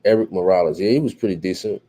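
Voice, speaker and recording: A tired man talks casually through a live fight stream and answers viewers' chat. His voice sits a little low and sounds dark and mellow. He drifts along with repeats and fillers. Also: quick pace, husky. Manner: laid-back, repeats himself, many fillers like "what have you". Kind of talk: casual livestream commentary.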